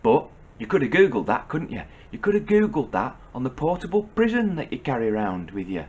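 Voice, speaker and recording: A man's voice: medium pitch, very animated, fairly quick, a little mellow, slightly rough, dull audio. A middle-aged man with a Northern English accent, giving a blunt, sardonic comic advice monologue in a lecturing tone. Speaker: comedian.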